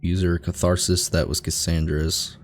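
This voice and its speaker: A man's voice: sits low, little pitch movement, moderate pace, faint music behind. A man hosting a let's play, thinking aloud as he reads through on-screen text in a casual commentary style. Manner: musing aloud while reading on-screen text.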